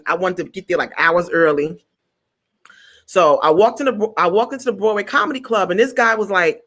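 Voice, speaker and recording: A woman comedian from New Jersey telling a story in casual chat, acting out the voices of the people in it. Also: medium pitch. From New Jersey, USA. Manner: animated, acts out quoted voices; stutters at times. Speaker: comedian guest.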